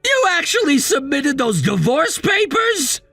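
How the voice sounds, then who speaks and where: A man voicing a controlling, scornful husband in a text-message story, dismissive and given to shouting. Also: high voice, sing-song, a little slow, gravelly, dry recording, faint music behind, exaggerated voice. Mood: angry, scornful. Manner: bossy and dismissive, shouting at times.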